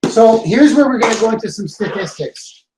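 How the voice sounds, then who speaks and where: A man giving an energetic sales training talk, repeating his key points for emphasis. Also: sits high, fairly quick, background noise. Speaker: sales and branding coach. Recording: roomy echo.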